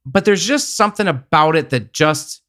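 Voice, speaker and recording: A man talking as a podcast guest in casual film chat, animated, swearing freely and leaning on "like" as filler. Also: a little high, moderate pace. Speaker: podcast guest, TV and game producer.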